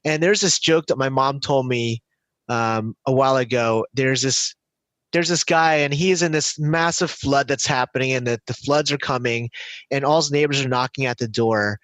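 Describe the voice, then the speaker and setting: A man speaking as a guest on an interview podcast, reflective, with frequent restarts, growing lively when he tells stories. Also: medium pitch, moderate pace, dry recording, rough recording. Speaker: business finance coach as podcast guest. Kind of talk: casual interview storytelling.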